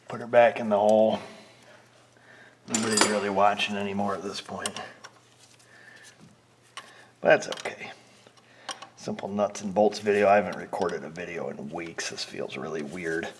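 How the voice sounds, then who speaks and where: A man's voice: on the low side, steady tone, moderate pace, long pauses. A man working as an auto mechanic, chatting casually and joking to himself as he works in his repair shop. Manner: joking, rambling, talks to himself and the parts. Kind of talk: casual workshop vlog, talking while working. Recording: noisy garage with tool clicks.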